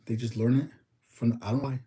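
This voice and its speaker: A man's voice: mid-range voice, steady tone, fast talker, mellow, echoey room. A young man from the States, chatting casually and rambling on his livestream. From United States. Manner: rambling, talks to chat, thinks aloud with numbers. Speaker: livestream host.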